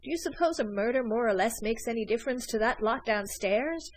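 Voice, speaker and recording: A woman playing a pleading young smuggler gentleman. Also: a little high, expressive, a little fast, slight background noise, lightly acted, low-quality recording. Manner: urgent, pleading.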